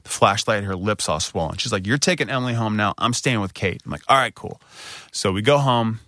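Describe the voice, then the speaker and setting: Man, low voice, dry close sound, candid storytelling, animated quoting. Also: fast talker, dry recording. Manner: animated retelling, voice rising when quoting himself. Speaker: podcast co-host.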